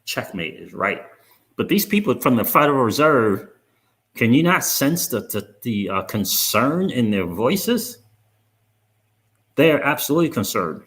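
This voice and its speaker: A man's voice: mid-range voice, sing-song, unhurried, a bit bright. Emphatic man hosting a crypto channel. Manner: emphatic, repeats words for stress. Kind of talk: casual commentary to viewers.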